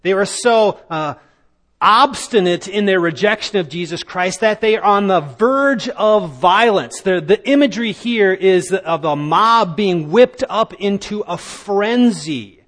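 A man preaching a sermon, emphatic and building to loud declamation. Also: high-pitched, animated, unhurried. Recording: long reverb of a large hall.

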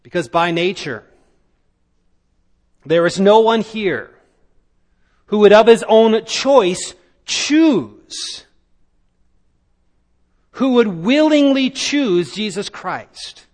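Male preacher, high pitched and unhurried, emphatic sermon delivery; long hall reverb. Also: lively intonation. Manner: emphatic, rising to loud declamation.

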